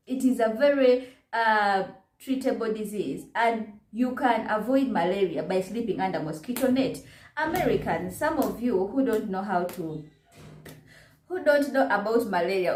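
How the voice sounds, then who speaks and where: A woman's voice: on the high side, a little mellow. A woman with a Ugandan English accent giving an indignant reaction commentary, full of rhetorical questions. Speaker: vlogger. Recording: echoey room.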